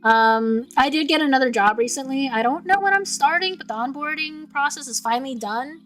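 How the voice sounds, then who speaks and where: High-voiced stammering young woman streamer. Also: fairly quick, fairly bright tone, faint music behind. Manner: stammering, repeats words, laughs often. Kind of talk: casual chat, reading out chat messages.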